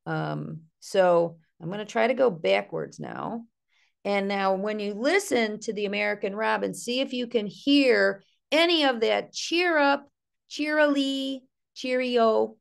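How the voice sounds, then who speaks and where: A middle-aged woman from Ohio, a naturalist giving an online nature workshop in a chatty, playful way, with a slightly gravelly voice. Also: mid-range voice, measured pace. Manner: chatty, playful, mimics bird calls in sing-song. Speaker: naturalist and art instructor. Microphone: video call.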